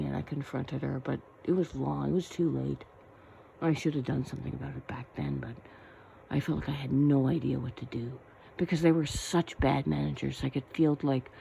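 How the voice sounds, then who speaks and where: A woman's voice: extremely low pitch, gravelly, mellow, a little hiss or hum, poor audio. A woman in her forties telling a personal story to camera, blunt and profane, getting worked up as she talks. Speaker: vlogger.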